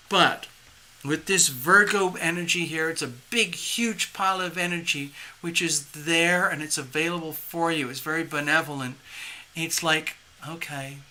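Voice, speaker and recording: A tarot reader giving a live reading, talking in a rambling, animated way, acting out the inner voices they describe and laughing at their own jokes. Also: medium pitch, slight background noise.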